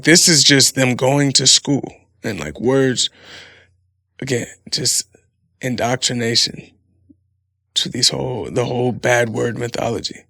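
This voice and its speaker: A man's voice: mid-range voice, gravelly, fairly bright tone, dry recording, clean studio sound. A man in his thirties hosting a casual solo podcast, rambling and swearing freely with frequent laughs. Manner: profane, laughing, rambling storyteller. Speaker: podcast host.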